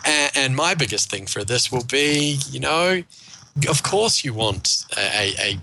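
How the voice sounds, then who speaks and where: A man's voice: mid-range voice, lively intonation, measured pace, gravelly, sharp tone, slight background noise, poor audio. A man with a New Zealand accent co-hosting a tech podcast, joking in a dry, sarcastic way. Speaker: podcast co-host. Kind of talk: casual tech podcast chat.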